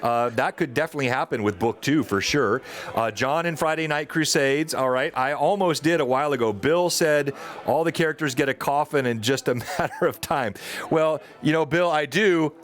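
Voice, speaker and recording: A man's voice: fairly high pitch, normal speed. Chatty man hosting a gaming stream. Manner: rambling, reads chat aloud, frequent fillers. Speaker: podcast host and dungeon master. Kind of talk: casual livestream chat.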